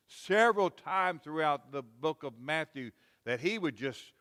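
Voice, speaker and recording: Man, preacher, folksy and repetitive, fairly high voice, long church reverb. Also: unhurried, fairly bright tone. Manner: folksy, repetitive, rising to emphatic quoted rebukes. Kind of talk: sermon. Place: church sanctuary.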